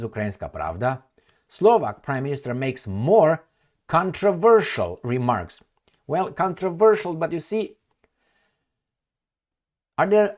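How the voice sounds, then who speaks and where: A man reading news articles aloud and commenting on them in a rambling, halting way, with many fillers and muttered asides. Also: mid-range voice. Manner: blunt, mutters asides to himself. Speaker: political commentator.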